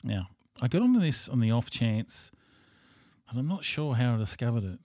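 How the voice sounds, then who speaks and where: Australian male host, casual monologue, swears freely, rambles, mid-pitched voice, dry close sound. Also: big pitch swings, moderate pace, mellow, no echo. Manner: rambling, profane and blunt.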